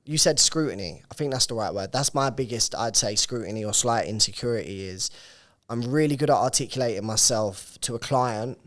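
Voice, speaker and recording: A young man co-hosting a podcast, chatting casually and telling stories in quick, animated bursts. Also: medium pitch. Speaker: podcast co-host.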